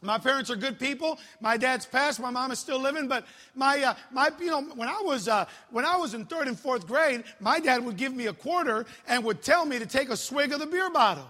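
High, bright-voiced joking youth pastor. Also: male voice, brisk, few pauses. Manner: animated, joking storyteller. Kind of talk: sermon. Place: church. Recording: long hall reverb.

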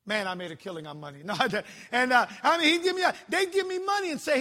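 High, bright-voiced joking youth pastor. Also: male voice, fast talker. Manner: animated, joking storyteller. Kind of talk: sermon. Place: church. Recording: long hall reverb.

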